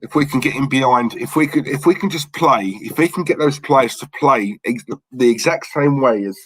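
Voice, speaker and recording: A man's voice: mid-range voice, moderate pace, fairly bright tone, husky, no room sound, rough recording. A young man with a London accent hosting a football watchalong stream, chatting casually and rambling while reading out chat messages. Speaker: watchalong host.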